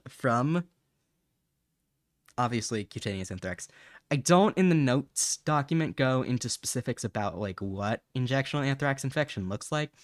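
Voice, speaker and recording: A man's voice: mid-range voice, no echo, clean studio sound. Chatty man hosting a science stream. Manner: chatty, reads chat aloud, laughs, stumbles over terms. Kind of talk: casual educational livestream.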